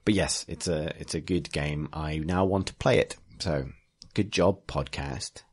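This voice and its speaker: A man's voice: extremely low pitch, a little slow, breathy edge. A man hosting a podcast, chatting casually and circling his thoughts with many restarts. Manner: rambling, restarting sentences, laughing. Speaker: podcast host. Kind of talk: casual chat.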